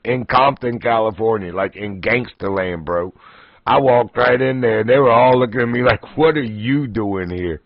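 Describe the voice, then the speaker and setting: A man spins casual, folksy stories on his livestream and keeps breaking into laughter. His voice sits in a middling pitch. The audio is dry and a little dull and lo-fi. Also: normal speed, no room sound. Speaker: livestream host. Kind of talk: casual storytelling.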